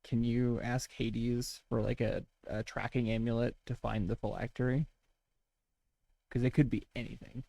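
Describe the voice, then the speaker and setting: A young man playing a tabletop game, tossing in quick, casual suggestions. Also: mid-range voice, little pitch movement, creaky, mellow, no echo. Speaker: player.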